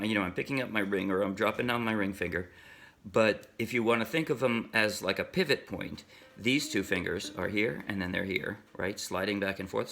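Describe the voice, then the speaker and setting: A man teaching a ukulele song in a relaxed, chatty way, breaking off now and then to sing a line. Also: fairly low pitch, vocal fry. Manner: chatty, self-interrupting, sings snatches while strumming. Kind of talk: casual music tutorial. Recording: ukulele strumming under the voice. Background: ukulele playing.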